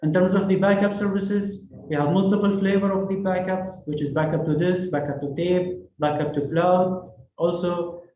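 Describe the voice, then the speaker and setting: A man's voice: on the high side, warm tone. Echoey man listing services. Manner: list-like, with frequent fillers. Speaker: conference presenter. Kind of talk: business presentation. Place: conference hall. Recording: echoey room, faint noise.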